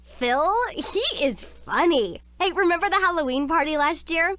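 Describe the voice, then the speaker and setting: A woman voicing a bright, science-savvy teenage schoolgirl in a video game, expressive and sincere. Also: sits high, moderate pace, no room sound. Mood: skeptical.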